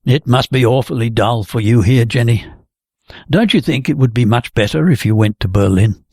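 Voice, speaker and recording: A hearty, talkative young man chats breezily and bluntly, as a male reader plays him, his voice gravelly and husky. It sounds close and dry, with no room around it. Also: medium pitch, moderate pace, darkish tone, no echo, natural voice. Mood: coaxing.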